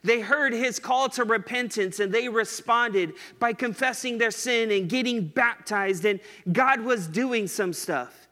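A man preaching a sermon in a casual, conversational way, slowing down and stretching words to stress them. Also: sits high, bright, forceful tone, big-room sound. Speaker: pastor.

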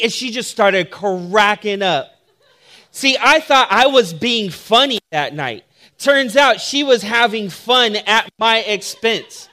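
A man with a notably high voice delivers a sermon as a pastor. He tells stories with humor and lively timing, then settles into steady teaching. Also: measured pace. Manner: humorous storytelling, animated when telling the joke. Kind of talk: sermon with personal story.

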